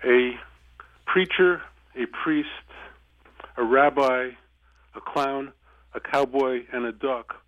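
A man's voice: mid-range voice, no room sound. Opinionated guy calling in, tinny phone line, dry. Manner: blunt, opinionated, talks fast when arguing. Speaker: caller. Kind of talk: call-in radio talk.

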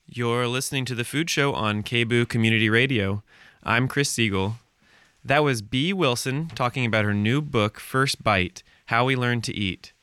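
A man hosting a community radio food show, introducing segments and interviewing a guest in the studio with a measured announcer delivery. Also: mid-range voice, sharp tone, clean tone, dry recording. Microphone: studio microphone.

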